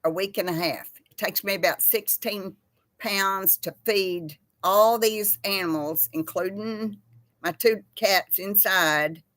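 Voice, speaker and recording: Her voice is medium in pitch and fairly bright, delivered slowly in a dry recording. This middle-aged woman hosts an easygoing livestream chat, chattily drifting across topics, laughing easily, and greeting viewers by name.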